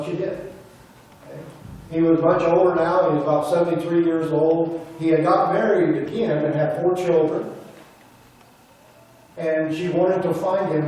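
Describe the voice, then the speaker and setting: Male pastor, storytelling sermon, mellow tone, heard from afar in a reverberant sanctuary. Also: on the high side. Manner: retells a story, quoting the people in it. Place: church sanctuary. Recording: roomy church audio from a distance.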